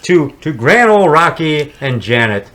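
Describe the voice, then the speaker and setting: A man's voice: on the high side, very animated, moderate pace, bright, forceful tone, low-quality recording. A man, a horror movie maker as guest, chatting casually and showing props, rambling with frequent stammered repeats.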